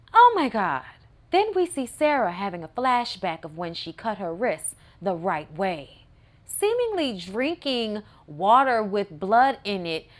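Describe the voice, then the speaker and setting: A woman reviewing a movie in a casual recap with sassy, wry asides. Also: a little high.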